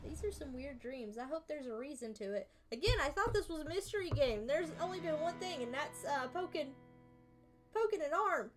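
A woman streamer giving casual let's-play commentary, thinking aloud, repeating herself and breaking into animated exclamations. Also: high voice, moderate pace, over loud music. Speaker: gaming streamer.

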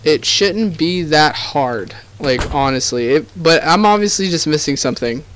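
A man's voice: on the high side, animated, moderate pace, fairly bright tone, a little hiss or hum. A young man giving let's play commentary, exasperated and swearing heavily, talking straight to the game. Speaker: gaming video host.

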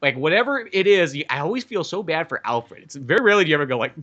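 A man's voice: on the high side, animated, very fast, sharp tone, highs cut off. A man co-hosting a casual podcast chat, talking loosely with lots of fillers and swearing. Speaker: podcast co-host.

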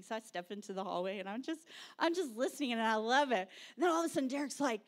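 A woman pastor, preaching a sermon with animated storytelling and shouted quotes. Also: a little high, fast.

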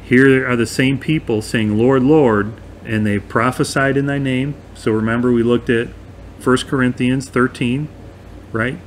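A man's voice: mid-range voice, fairly even intonation, normal speed, a little hiss or hum. A man teaching a verse-by-verse bible study in a conversational, emphatic way, often checking in with his listeners.

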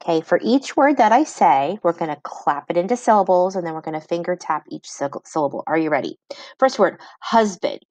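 A woman reading teacher giving a phonics lesson to children, sounding words out slowly syllable by syllable and praising each try. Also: on the low side, expressive, a little mellow, dry recording.

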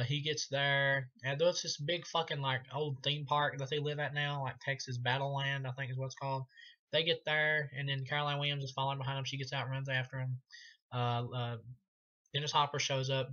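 Man, film reviewer, casual rambling, swears, laughs a lot, flat monotone. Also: mid-range voice, lo-fi sound. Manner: rambling, laughs often, swears casually, many ums and uhs.

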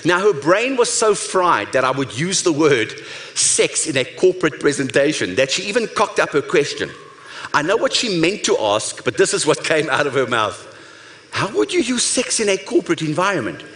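A man's voice: a little high, sing-song, moderate pace, a bit bright, roomy sound. A man giving a humorous keynote talk on stage, telling stories with punchlines and acting out quotes. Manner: storytelling with punchlines, acted-out quotes. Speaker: speaker. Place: stage before a live audience.

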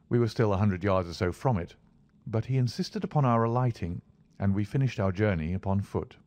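A man reading a classic novel aloud in steady, plain narration on a close mic. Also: lowish voice, a little fast, no room sound. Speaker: audiobook reader.

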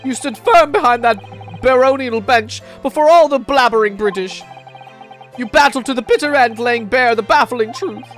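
A woman voicing an excitable Japanese man, a visiting scholar who gushes in alliteration. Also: fairly high pitch, moderate pace, faint music behind, natural voice. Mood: gushing. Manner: gushing, loves alliteration.

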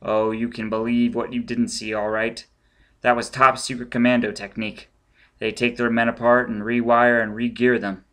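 A man's voice: medium pitch, flat delivery, moderate pace, fairly bright tone, close to an everyday voice. A man reading an audiobook, voicing a stern male intelligence chief in close to his own voice, clipped and firm. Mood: explaining.

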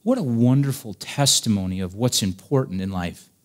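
A pastor preaching with earnest conviction, his voice sitting at an ordinary middle pitch. He climbs to emphatic, raised passages, then drops low and soft when he tells a personal story. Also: moderate pace. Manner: earnest preaching, rising to emphatic peaks, dropping soft for stories. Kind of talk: sermon.

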